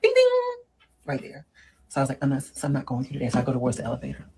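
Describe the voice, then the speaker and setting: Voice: mid-range voice, wildly swooping pitch, racing, darkish tone, slight background noise, poor audio. A performer playing a sassy middle-aged woman who lectures on dating in a comedic monologue and keeps calling the listener girl and honey. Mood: sassy lecturing. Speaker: relationship advice monologue.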